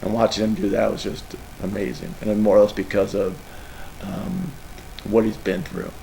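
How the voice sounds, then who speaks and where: A middle-aged man with a lowish, gravelly voice talks as a football coach at a press session. He rambles and gets emotional, and a faint room ambience sits behind him. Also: big pitch swings, normal speed, dark tone, slight background noise, rough recording. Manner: emotional, rambling, tearful at times. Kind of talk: press conference answers.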